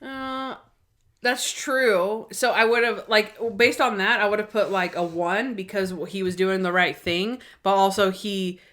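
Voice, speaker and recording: A woman co-hosts a casual podcast in an easygoing, chatty way. She giggles often and talks with animated energy, slipping into little impressions as she recaps. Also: medium pitch, unhurried. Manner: giggly, animated, acts out quotes from scenes. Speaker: podcast co-host. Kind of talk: casual chat.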